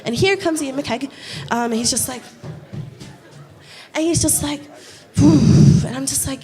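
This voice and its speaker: A woman's voice: high voice, moderate pace, pauses often, a little mellow. A woman giving an informal inspirational talk on stage, candid and self-mocking, swearing freely and acting out what people said. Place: event stage before a live audience.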